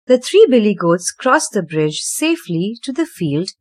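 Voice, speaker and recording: A woman reading a children's fairy tale aloud with expressive, sing-song storytelling. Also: mid-range voice, moderate pace, breathy edge.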